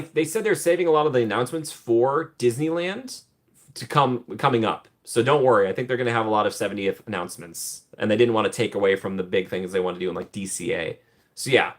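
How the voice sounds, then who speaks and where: Male host, 30s, casual home stream, rambling jokey chat with viewers, average pitch. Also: fairly bright tone. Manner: playful, rambling, reads and thanks chat by name; jokey asides, quick laughs. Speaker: streamer hosting a live chat. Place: room at home.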